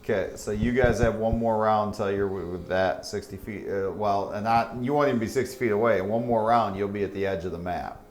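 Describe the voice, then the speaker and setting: Male dungeon master, fairly low voice, matter-of-fact rules calls. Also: fairly quick, hardly any pauses. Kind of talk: running a tabletop game.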